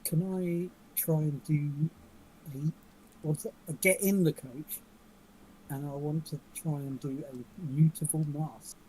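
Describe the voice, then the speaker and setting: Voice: medium pitch, fairly even intonation, a little slow, dark tone, slight background noise, poor audio. Hesitant player thinking aloud. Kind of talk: casual tabletop play. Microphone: online voice call.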